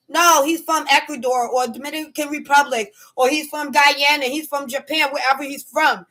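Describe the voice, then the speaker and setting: A woman rants to camera as she tells a story. Her voice sits high and bright, and she talks with strong emphasis and acts out the scene. Her delivery is casual and animated. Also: normal speed, hardly any pauses. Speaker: vlogger.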